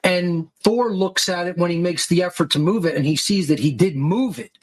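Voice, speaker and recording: Man, high-pitched voice, podcast host, angry rant, profane, combative. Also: normal speed, rough recording.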